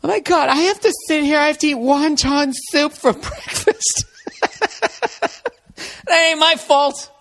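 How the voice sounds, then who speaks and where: A man's voice: sing-song, slow, long pauses, a bit bright, a little hiss or hum, heavily acted. A man mocking a whiny nagging girlfriend. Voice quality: high mocking whine.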